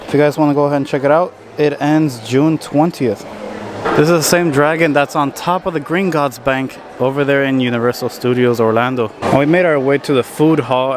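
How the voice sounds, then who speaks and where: A man filming a casual vlog as he tours a film studio, chatty and excited. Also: fairly high pitch, background noise. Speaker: vlogger. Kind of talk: casual vlog tour commentary. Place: studio tour, in and out of doors.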